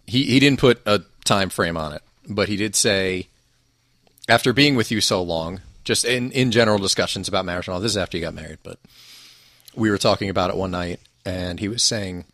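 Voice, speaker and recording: A man's voice: sits low, fairly quick, a bit bright, dry recording, studio quality. A man hosting a podcast, asking curious questions and teasing his guest in casual conversation. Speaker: podcast host. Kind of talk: casual chat.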